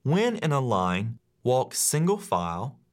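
Male teacher-narrator, mid-pitched, very animated delivery, clear instructive audiobook read. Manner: measured, instructive, acts out quoted lines. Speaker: teacher reading his own classroom rules.

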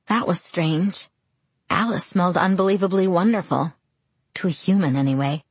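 A woman reads a first-person story aloud in a steady, reflective manner. Her voice is somewhat low and husky, recorded close and dry. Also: moderate pace, dry recording. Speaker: audiobook narrator. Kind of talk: first-person audiobook narration.

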